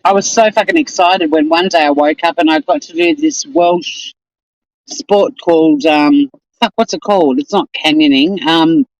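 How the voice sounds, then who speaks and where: A woman's voice: deep voice, a little mellow, no echo, dull audio. Rambling Australian woman live-streaming. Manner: rambling, chatty, exasperated asides. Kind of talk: casual live-stream chat.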